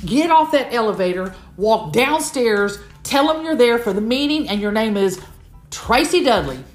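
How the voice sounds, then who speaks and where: A woman's voice: on the high side, lively intonation, moderate pace, reverberant, faint music behind. A woman from Houston, giving a comedic motivational talk to an audience and animatedly playfully acting out other people. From Houston, Texas.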